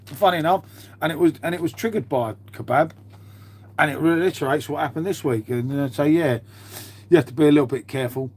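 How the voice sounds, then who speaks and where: A man talks loosely through a live stream from his half-converted garage, his voice sitting a little high. He rambles from one thing to the next, drops casual swearing and calls everyone mate. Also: fairly quick, darkish tone, husky. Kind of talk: casual live-stream chat reading viewer comments.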